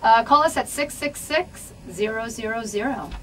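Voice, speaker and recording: A woman's voice: a little high, normal speed, low-quality recording. Woman singer from New York, studio radio guest, bubbly and effusive, laughs easily, faint hiss. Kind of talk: casual radio interview.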